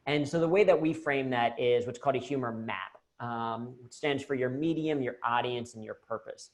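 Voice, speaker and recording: An American man giving a lively, jokey talk on humor at work during a video-call Q&A. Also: medium pitch, a little fast. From United States. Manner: animated, jokey, self-deprecating. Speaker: humor and leadership speaker.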